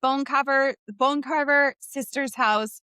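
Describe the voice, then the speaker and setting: A woman's voice: high-pitched, steady tone, slow pace. Woman co-host chiming in over crowd noise. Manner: supportive listener with short agreements. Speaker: podcast co-host. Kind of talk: casual book chat.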